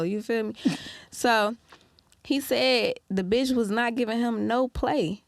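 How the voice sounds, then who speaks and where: Young Detroit woman guest, gravelly, dry close mic, lively and laughing. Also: fairly high pitch, no room sound. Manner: animated, quick to laugh, acts out people's lines. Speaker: guest musician. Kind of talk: casual interview chat.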